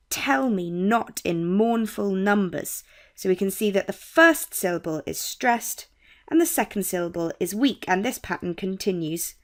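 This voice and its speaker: A young woman with a British accent, tutoring on poetry in a clear, measured way. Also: mid-range voice. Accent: British English. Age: young adult. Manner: clear, measured teaching with quoted lines read slowly. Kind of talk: explaining poetry terms.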